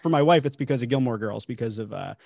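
Excitable man hosting a podcast. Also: medium pitch, fast talker, gravelly, no room sound. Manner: excitable, eager, lots of fillers. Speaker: podcast host. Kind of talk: casual podcast conversation.

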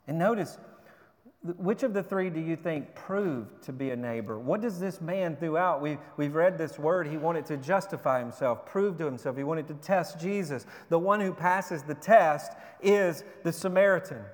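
A man's voice: fairly high pitch, normal speed. A man preaching a sermon as pastor, emphatic, firing rhetorical questions and repeating words as he drives points home. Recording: long reverb of a large hall.

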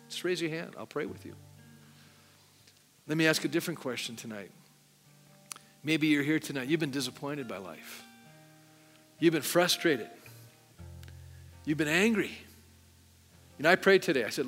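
A man's voice: a little high, expressive, normal speed, pauses often, a bit bright. A middle-aged male pastor preaching a sermon in a church, talking conversationally and putting frequent questions to the congregation. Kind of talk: sermon with altar call. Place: church sanctuary. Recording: long hall reverb with faint music.

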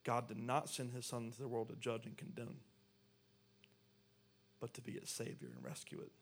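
A man's voice: medium pitch, big pitch swings, normal speed, creaky, slight background noise. A man preaching a sermon, reading scripture aloud and then pressing his point with rising intensity. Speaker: pastor.

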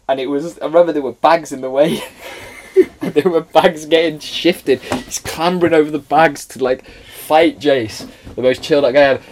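Welsh man telling animated stories. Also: medium pitch, normal speed. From Wales. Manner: animated storyteller, laughs often. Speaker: guest, former footballer. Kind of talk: casual chat.

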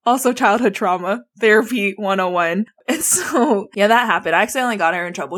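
A woman guest telling childhood stories in a casual, animated, giggly way, full of "like" fillers. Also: medium pitch, fairly quick, few pauses. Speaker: interview guest. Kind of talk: casual storytelling.

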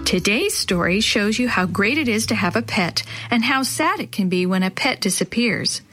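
A woman hosting a children's story program, reading aloud gently and expressively. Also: medium pitch, animated, moderate pace, soft background music.

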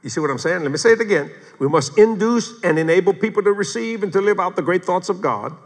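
A man's voice: high voice, fast. Older man preaching in a reverberant hall. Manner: folksy, animated preaching with humor and acted quotes. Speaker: pastor. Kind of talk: sermon.

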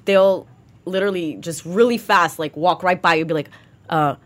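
Low-voiced woman in casual chat. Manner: laughs a lot, quick reactions, tells stories.

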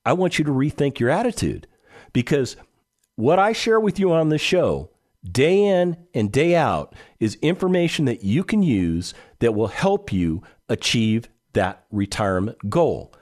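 A man's voice: medium pitch, sing-song, a little slow, a little mellow. A man hosting a radio talk show, speaking bluntly and conversationally and putting questions straight to his listeners. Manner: blunt and emphatic.

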